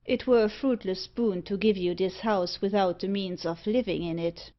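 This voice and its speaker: A woman voicing a suave, wealthy male tempter with a mocking, devilish air, delivering his lines slowly and deliberately. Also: mid-range voice, steady tone, close to an everyday voice. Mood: smooth. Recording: dull lo-fi audiobook recording.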